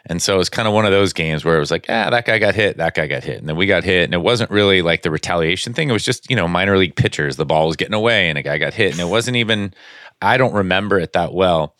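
Very deep, smooth-voiced man. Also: fast, fairly bright tone, dry recording, clean studio sound. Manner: rambling storyteller, searches for words. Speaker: former professional baseball pitcher. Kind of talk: casual podcast chat.

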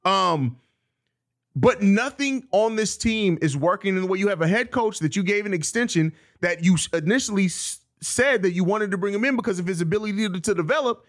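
A man co-hosting a casual sports podcast, speaking in a measured, laid-back way. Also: high-pitched, lively intonation.

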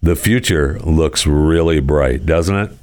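A man's voice: very deep voice, slow, a little mellow. A man hosting a casual talk show, rambling through odd news stories with sarcastic asides and frequent chuckles. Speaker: podcast host.

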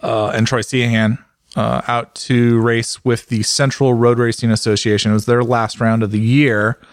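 A man's voice: medium pitch, flat delivery, moderate pace, no echo, studio quality. A man co-hosting a podcast, joking and rambling through casual chat with plenty of fillers. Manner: jokey, rambling, lots of fillers. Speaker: podcast co-host and motorcycle racer.

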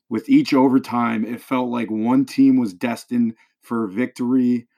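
Male podcast host, energetic sports talk, leans into drama. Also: medium pitch. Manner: enthusiastic, dramatic storytelling.

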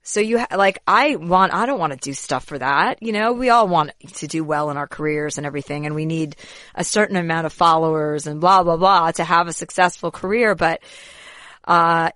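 Low-voiced woman comedian guest. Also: a bit bright, no room sound, clean studio sound. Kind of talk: casual interview.

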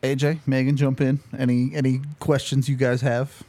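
Relaxed male podcast host. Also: medium pitch, moderate pace, no room sound. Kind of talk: casual interview.

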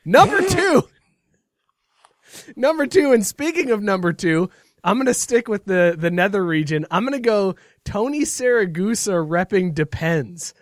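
A man with a notably high speaking voice hosts a casual sports podcast, spinning jokey stories and laughing along. The sound is dry and close, with almost no room around it. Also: a little slow, no room sound. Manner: joking, animated storytelling with frequent laughs. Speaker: podcast host.

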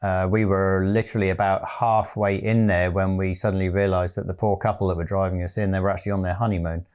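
A man with a very deep voice gives his side of a story in a plain, measured telling. He keeps his pitch flat and even, and he leans on fillers as he goes. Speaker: guest co-storyteller. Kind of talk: personal storytelling.

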